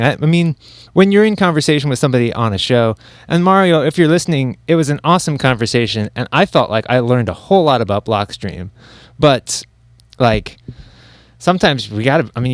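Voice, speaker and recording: A man's voice: medium pitch, no echo, clean studio sound. A man co-hosting a podcast in casual chat, rambling and restarting sentences with a wry, self-mocking edge. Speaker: podcast co-host.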